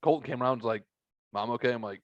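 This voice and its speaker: A man's voice: medium pitch, rapid-fire, dry recording, lo-fi sound. A man hosting a podcast, telling a long story in casual chat and swearing a lot. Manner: profane, rambling storyteller. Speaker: podcast host.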